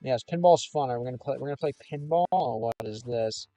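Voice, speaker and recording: A man's voice: mid-range voice, a little fast, mellow, no room sound, faint music behind. A young man from Chicago streaming from his car, chatting casually with viewers and reading their comments in a loose, rambling way with lots of fillers. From Chicago, United States. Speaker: gaming and language streamer.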